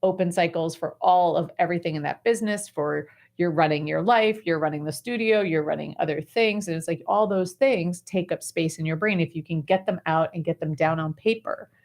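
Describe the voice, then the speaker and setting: A woman with a slightly low voice hosts a talk show and coaches a guest. She explains in an animated, conversational way, full of "like" and "right". She sounds casual and encouraging. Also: fairly quick, few pauses. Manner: animated, chatty explaining with many fillers. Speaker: host and life coach.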